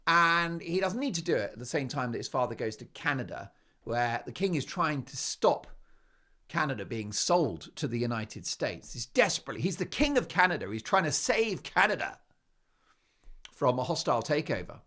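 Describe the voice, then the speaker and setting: A man's voice: medium pitch, big pitch swings, moderate pace, sharp tone. A man hosting a talk show, delivering an emphatic, sarcastic opinion monologue full of rhetorical questions.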